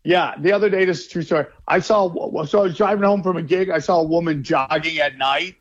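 Male comic guest, relaxed and joking, slightly high voice, dry close sound. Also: fast talker, dry recording, dull audio. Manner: laid-back, says "dude" and "bro" a lot. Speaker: stand-up comedian guest. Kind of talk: joking interview banter.

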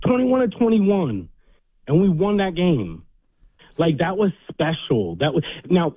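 A man calling in to a sports show, chatting casually as an excited fan. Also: fairly high pitch, unhurried, husky. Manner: laid-back, emotional fan banter. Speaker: caller. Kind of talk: casual call-in chat. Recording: dry tinny phone line.

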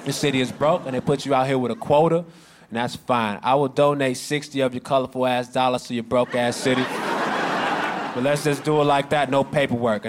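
A man doing stand-up, telling a story sarcastically and shouting out bits. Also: fairly high pitch, noisy background. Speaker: stand-up comedian.

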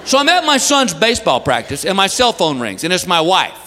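High-voiced exasperated stand-up dad. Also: male voice, wildly swooping pitch, fairly quick, in a large hall. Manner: exasperated, shouting punchlines. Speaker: stand-up comedian. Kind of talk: stand-up routine. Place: comedy stage before a live audience. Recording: live stage mic with crowd laughter and room noise.

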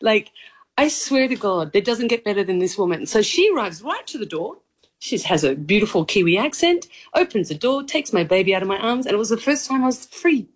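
A woman in her thirties with a mild Australian accent mixed from years abroad, an actress chatting in an interview, effusive and quick to laugh. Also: medium pitch. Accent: mild Australian, mixed from living abroad. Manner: effusive, laughs often, animated storytelling. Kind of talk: casual interview chat.

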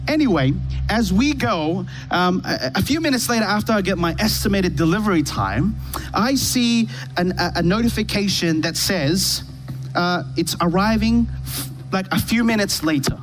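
High-voiced man preaching a casual sermon. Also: lively intonation, moderate pace, low-quality recording. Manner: storytelling with rhetorical questions to the congregation. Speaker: pastor. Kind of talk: conversational sermon. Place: church stage with a worship band. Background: faint keyboard pad music.

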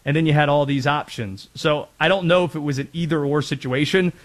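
Speaking fairly quickly in a slightly high voice, a sports radio host from North Carolina chats his way through a casual talk show, full of rambling tangents.

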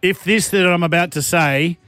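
A playful man co-hosting a morning radio show, his voice sitting a bit high. The studio sound is close and dry, with faint music underneath. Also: moderate pace, pushed and bright, no room sound. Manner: playful, jokey, upbeat. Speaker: radio co-host. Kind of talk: casual breakfast radio banter.

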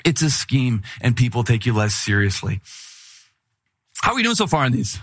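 A male pastor giving a conversational sermon in an animated, candid way, with humorous asides. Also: medium pitch, normal speed.

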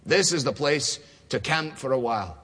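Male preacher, conversational sermon, mid pitch, reverberant church hall. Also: expressive, normal speed, fairly bright tone, slightly rough. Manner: conversational, acts out dialogue voices.

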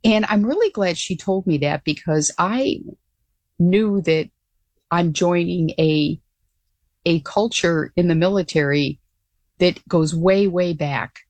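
A woman's voice: fairly low pitch, takes it slowly, dry recording. Older woman telling a story. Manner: earnest, animated storytelling with frequent restarts. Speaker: guest, former pilot. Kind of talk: storytelling interview answers.

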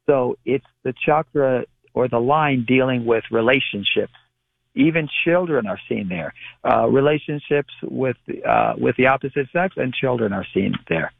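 Man, radio phone guest, tinny telephone sound, dry, mid pitch, measured explainer. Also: gravelly, no room sound. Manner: measured, explanatory, restarts phrases. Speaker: palmistry guest. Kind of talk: call-in radio interview.

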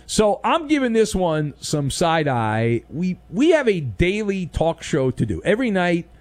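A man's voice: high voice, big pitch swings, measured pace, a little mellow. A man hosting a sports talk show, delivering an opinionated monologue with sarcastic, theatrical asides.

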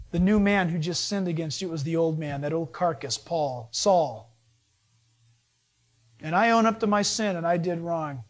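Man, pastor, sermon, animated preaching, rises with emphasis, trails off low. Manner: animated preaching, pitch swings up and down.

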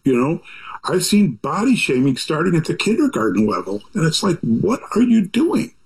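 A man's voice: fairly high pitch, very animated, moderate pace, vocal fry, husky, poor audio. Older man rambling in folksy asides. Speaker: author talking about his book. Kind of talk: reflective conversational monologue.

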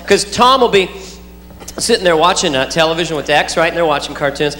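A man's voice: on the high side, expressive, brisk, faint music behind. A man doing a stand-up routine, playful and chatting with the audience. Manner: playful, talks to the crowd, does silly kid voices. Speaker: stand-up comedian. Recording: roomy live recording with a loud crowd.

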